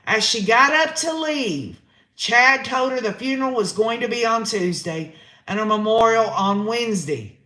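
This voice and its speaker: A man's voice: very high voice, lively intonation, moderate pace, pushed and bright, echoey room. A man hosting a live-stream trial recap, reading chat comments aloud and reacting with emotion. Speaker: host.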